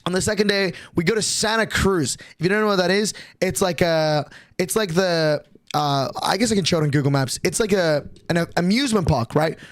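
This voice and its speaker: A man's voice: high-pitched, brisk, no echo, clean studio sound. A young man streaming, telling a rambling, profane story to his chat with lots of restarts and fillers.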